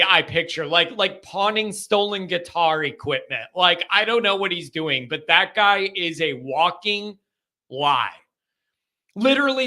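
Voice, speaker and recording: A man's voice: sits high, sharp tone. A man hosting a live call-in sports talk show, talking bluntly and ranting heatedly. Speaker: show host.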